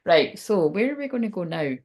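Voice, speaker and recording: A woman's voice: lowish voice, big pitch swings, brisk, a little mellow. A woman doing a casual card-reading livestream. She chats and rambles, swears freely, laughs often and reads the card text aloud. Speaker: tarot and oracle card reader.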